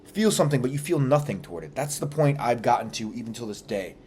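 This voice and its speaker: A man's voice: medium pitch, animated, quick pace, mellow, a little hiss or hum. A young man talking earnestly and confessionally about his own life, in casual slang with some swearing. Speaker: vlogger. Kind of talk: candid personal reflection.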